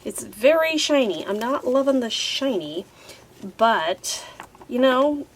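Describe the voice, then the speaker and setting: A chatty woman with a slightly high voice unboxes craft supplies at a table, thinking aloud with plenty of ums and little gasps of delight. There's a faint hiss under her voice. She sounds relaxed and easily pleased. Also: slow pace. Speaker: craft vlogger unboxing a subscription box. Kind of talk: casual unboxing chat.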